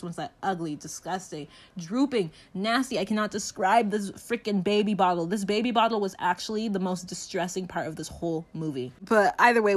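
A young woman giving a chatty, dramatic movie recap and laughing often. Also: on the low side.

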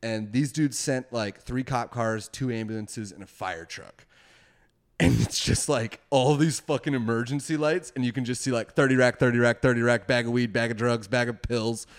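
A man's voice: mid-range voice, fairly even intonation, normal speed. A young man casually telling a wild story, rambling, swearing a lot and laughing often.

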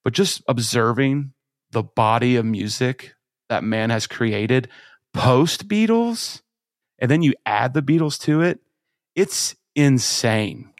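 Podcast dude rambling, lots of restarts and swearing, dry close mic. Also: male voice, mid-range voice, lively intonation, slow, dry recording. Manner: rambling, many restarts, swears, laughs often. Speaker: podcast co-host. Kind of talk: casual chat.

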